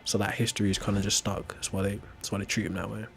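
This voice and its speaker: A man's voice: on the low side, little pitch movement, quick pace, creaky, soft background music. An English man with a working-class accent, chatting casually while gaming and often asking "right?". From England. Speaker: streamer.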